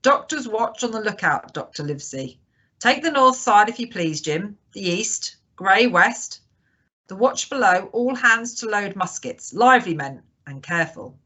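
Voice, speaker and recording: Curt commanding ship captain played by a woman reader, storybook read-aloud, bright and sharp. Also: medium pitch, very animated, measured pace, full character voice. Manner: clipped, commanding. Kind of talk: audiobook character reading.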